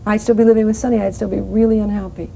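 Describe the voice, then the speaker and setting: A woman in her forties talks earnestly as a guest in a casual television interview. She often stops and restarts her sentences. Her voice is soft and dark, with a faint hiss in the background. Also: mid-range voice, level tone, creaky, poor audio. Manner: earnest, halting, many restarts. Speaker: guest actress.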